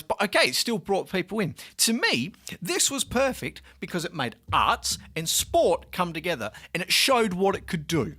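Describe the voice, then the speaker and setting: A man's voice: high-pitched, very animated, moderate pace, hardly any pauses, pushed and bright. A young Australian man co-hosting a student radio chat show, talking with passion and indignation and laughing often.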